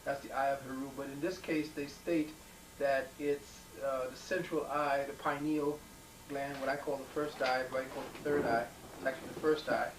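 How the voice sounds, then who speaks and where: A man's voice: medium pitch, flat delivery, normal speed. A man lecturing to a live audience in an emphatic, digressive way, restarting his sentences often. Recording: echoey room, distant mic, faint hiss.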